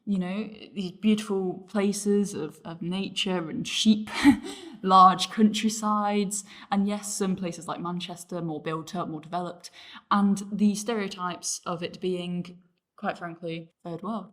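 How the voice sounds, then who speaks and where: A woman's voice: on the low side, steady tone, slow, a bit bright. Earnest young Northern woman hosting a discussion. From North of England. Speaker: host. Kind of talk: casual discussion.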